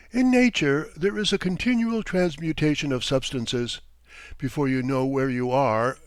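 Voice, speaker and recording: A man's voice: fairly high pitch, dry recording, lightly acted. A man reading an audiobook, voicing a timid, alarmed middle-aged mother who soothes and then breaks into tears. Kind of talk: audiobook character voice.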